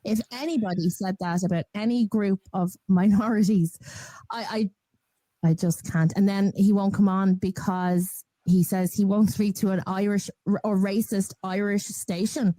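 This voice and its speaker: Female presenter, warm mellow voice, dry room, indignant. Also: mid-range voice, fairly even intonation, dry recording, rough recording. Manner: indignant, exasperated, fast. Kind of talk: live-stream commentary.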